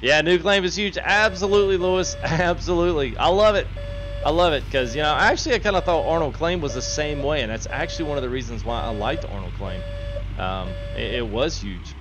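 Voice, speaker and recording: A man's voice: a little high, lively intonation, fairly quick, background noise. A man, chatting casually on a live game stream, reading chat and laughing often. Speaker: gaming streamer.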